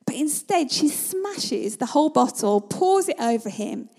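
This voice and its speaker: A woman preaching a sermon in a conversational, storytelling manner, at times dropping to a hush. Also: sits high, big pitch swings, a little slow. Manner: conversational, vivid storytelling, sometimes drops to a hush.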